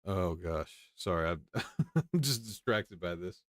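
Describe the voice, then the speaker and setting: Low-ish guy riffing on news, dry close sound, keeps chuckling to himself. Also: expressive, slow, dry recording. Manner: wry, chuckling asides while reading articles aloud. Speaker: host. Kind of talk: casual news commentary stream.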